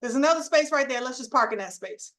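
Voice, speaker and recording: Calm husband, as a woman quotes him. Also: sits high, quick pace, voice pushed down.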